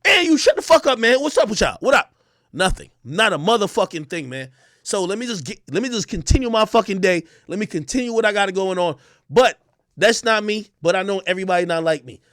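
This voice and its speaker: A young man from Jamaica rants hard on a livestream, brash, profane and full of bravado. His voice sits high for a man, and the sound is close and dry with no room behind it. He swings from near shouting down to low, fast muttering. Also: animated, no echo. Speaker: livestream host. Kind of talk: heated ranting livestream.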